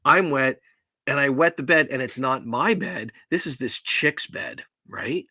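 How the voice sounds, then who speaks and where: A man's voice: mid-range voice, measured pace, bright, forceful tone, slightly rough, no echo. A middle-aged man co-hosting a podcast, telling a rambling, profane, self-deprecating story in casual chat. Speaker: podcast co-host.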